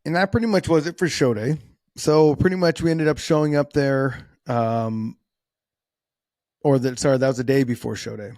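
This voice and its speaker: A man's voice: medium pitch, steady tone, moderate pace, a little mellow, dry recording, studio quality. A man hosting a solo podcast, talking casually in a rambling, self-deprecating way with frequent restarts. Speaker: podcast host.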